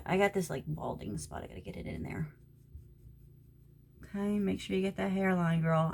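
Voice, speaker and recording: A middle-aged woman from Florida chatting casually at home as she does her makeup, talking to a friend and sometimes dropping to a soft whisper. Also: sits low. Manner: chatty, talks to a friend while doing makeup, drops to soft whispers at times. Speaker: makeup vlogger. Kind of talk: casual makeup tutorial chat. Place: at home during quarantine.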